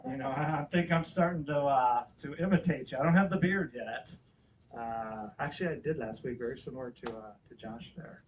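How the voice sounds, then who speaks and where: A man about fifty telling a personal story in a sermon, animated, swinging between loud exclamations and quiet asides. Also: medium pitch, moderate pace, far from the mic, highs cut off, a little hiss or hum. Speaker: guest speaker at a spiritual center. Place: church hall.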